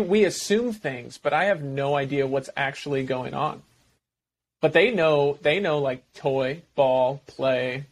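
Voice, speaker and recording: Playful podcast co-host, fairly high voice. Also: male voice. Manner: playful, laughing easily. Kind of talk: casual chat.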